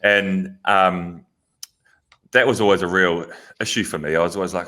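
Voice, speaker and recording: Young dude on a podcast, low but bright punchy voice, self-mocking stories. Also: male voice, steady tone, moderate pace. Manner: wry, self-mocking storyteller. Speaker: podcast co-host. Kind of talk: casual chat.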